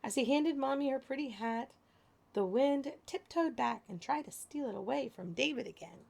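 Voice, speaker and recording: A woman reading children's stories and rhymes aloud, expressive and animated. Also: sits high, normal speed, creaky. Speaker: storyteller. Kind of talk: children's storybook read-aloud.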